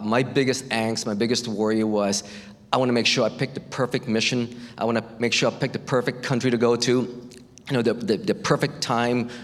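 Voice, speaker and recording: Halting man telling a faith story, reverberant. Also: mid-range voice. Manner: halting, repeats words and restarts often. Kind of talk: personal faith testimony. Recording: long hall reverb.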